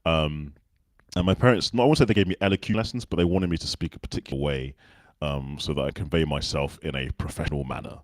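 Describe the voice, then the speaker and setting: A British guest with a well-spoken Southern English accent tells relaxed anecdotes during a casual interview. His voice is extremely low and he talks fast. The recording is dry.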